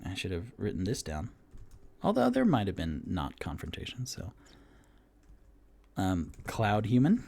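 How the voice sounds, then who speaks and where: A man's voice: mid-range voice, creaky, slight background noise. A man narrating a solo tabletop game as game master, casual and rambling, with many fillers.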